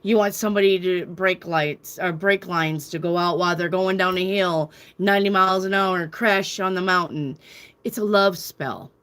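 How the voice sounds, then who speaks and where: A woman's voice: fairly low pitch, moderate pace, fairly bright tone. A middle-aged woman hosting a casual talk show, speaking emphatically, repeating phrases and lecturing her viewers with firm conviction. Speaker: tarot reader and podcast host.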